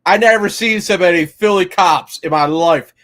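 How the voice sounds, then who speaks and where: A laid-back man with a somewhat high voice co-hosts a casual sports chat. He rambles easily, trails off mid-thought, and peppers his talk with "dude.". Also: normal speed, a bit bright. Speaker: podcast co-host.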